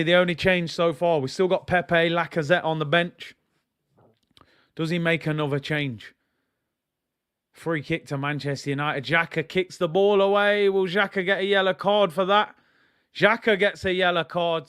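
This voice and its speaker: A young football fan streamer with a high-pitched voice gives excitable live commentary full of slang while he watches a match. Every so often he bursts into shouts.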